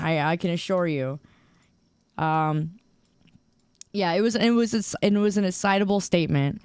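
Smooth-voiced young woman streamer rambling. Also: on the low side, expressive, a little mellow, faint music behind. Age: 20s. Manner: playfully defensive, rambling with halting restarts. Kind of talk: casual livestream chat with viewers.

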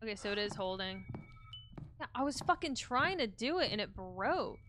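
A young woman streams a horror game let's play, swearing freely, reacting jumpily, and talking to her chat. Her mid-range voice is sing-song and moves at a normal pace, with game music and other background noise behind it.

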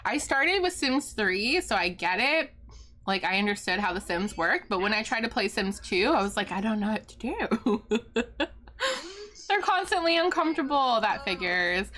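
A woman with a bright, forceful voice pitched a little high, giving live commentary as she plays a game. She chats excitably with her viewers and laughs often. Her talk stays loose, quick to react, and friendly to her chat. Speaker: streamer.

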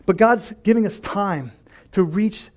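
Male pastor with a high voice, preaching with passion, from loud pleas to soft lows. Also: unhurried. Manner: impassioned, swings between loud pleading and quiet lows, laughs often. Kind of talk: sermon. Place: church.

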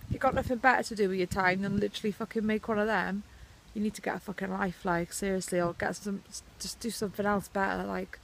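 A woman's voice: medium pitch, fairly even intonation, fast, gravelly, slight background noise. Sweary, blunt Welsh woman ranting. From Wales. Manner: heavy swearing, blunt and sarcastic. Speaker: vlogger. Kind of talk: ranting vlog to camera. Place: outside her house.

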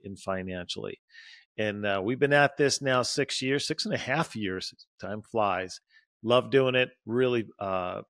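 Male podcast host, mid-pitched, earnest, animated, dry close-mic studio sound. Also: no room sound. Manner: earnest and animated, acting out scenes with sudden high bursts. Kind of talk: solo motivational podcast talk.

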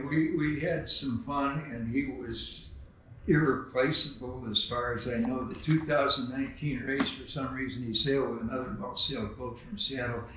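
A man's voice: mid-range voice, recorded from a distance, background noise. Older man telling a story, laughing. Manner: laughing, animated anecdote telling. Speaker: memorial speaker, skipper. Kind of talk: storytelling eulogy. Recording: very echoey hall.

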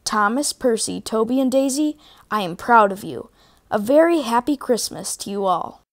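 A woman's voice: on the high side, animated, normal speed, no echo, studio quality. A woman voicing a stately, jolly male railway boss in a storybook reading. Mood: proud.

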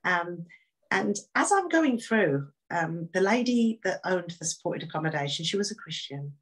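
Interview guest: woman, low voice, candid and animated testimony. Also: moderate pace, poor audio. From Birmingham, England. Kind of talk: personal faith testimony.

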